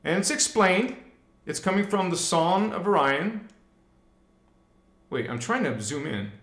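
A man hosting a spiritual livestream, talking in a loose, slangy way while he leads chants and affirmations. His voice sits a bit high and moves at an unhurried, drawn-out pace. The sound bounces around a reverberant room. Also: lively intonation, a bit bright. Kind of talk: live spiritual teaching and chanting.

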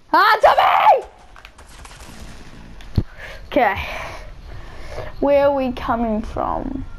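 A woman giving rambling, excitable live commentary over her own gameplay, bursting into shouts now and then. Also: a little high, slight background noise. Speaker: gaming channel host.

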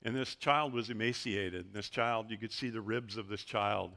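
A man's voice: lowish voice, moderate pace, gravelly, sharp tone. A middle-aged man preaching a sermon as a pastor, telling stories with animation and acting out the voices he quotes. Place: church sanctuary.

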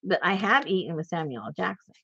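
Laughing and rambling in an animated way, a crafter and channel host recounts a lengthy personal story during a casual chat. She talks fast in a somewhat low, slightly rough voice, and the audio sounds dull.

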